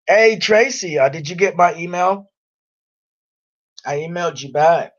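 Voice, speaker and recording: A man's voice: on the high side, lively intonation, a little slow, pauses often. A man on a live stream who talks bluntly and with irritation, reading viewer comments aloud. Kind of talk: casual live stream chat. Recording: dull lo-fi stream audio.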